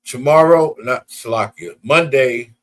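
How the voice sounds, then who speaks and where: A man's voice: mid-range voice, unhurried. A man preaching at a Sabbath service, often breaking in with "you understand?" and calling out to the congregation. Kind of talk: sermon and closing announcements.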